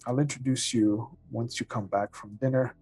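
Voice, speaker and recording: A man's voice: mid-range voice, steady tone, normal speed, a little mellow, slightly rough, soft background music, rough recording. A man voicing a dutiful female guard captain who reports to her lord formally.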